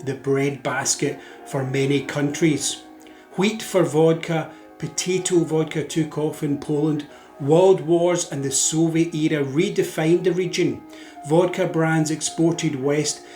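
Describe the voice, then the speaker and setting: A man presenting a narrated educational talk in a measured, informative way, with occasional fillers. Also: on the high side, darkish tone. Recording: roomy echo with faint music.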